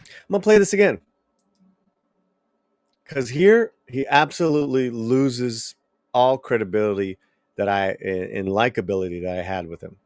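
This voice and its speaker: A man hosting a commentary channel, reacting to a clip in a blunt, animated way, swearing and repeating himself. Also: mid-range voice, moderate pace, pauses often, no room sound, clean studio sound.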